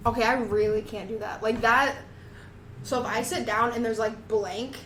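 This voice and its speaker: A woman's voice: on the high side, fairly even intonation, moderate pace, a bit bright. A young adult woman co-hosting a podcast, chatting casually in a giggly, rambling, self-mocking way. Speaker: podcast co-host. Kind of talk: casual chat. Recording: echoey room, faint ambient noise.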